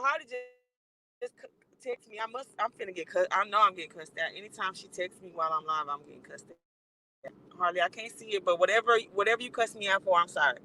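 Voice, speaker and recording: A woman's voice: on the high side, pushed and bright, slight background noise, rough recording. A woman livestreaming from her car while she drives, ranting bluntly and with plenty of profanity as a commentator.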